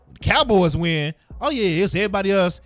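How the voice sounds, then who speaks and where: A man's voice: high-pitched, lively intonation, brisk, a bit bright, no echo, soft background music. A man hosting a sports podcast, ranting heatedly in casual slang. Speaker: podcast host.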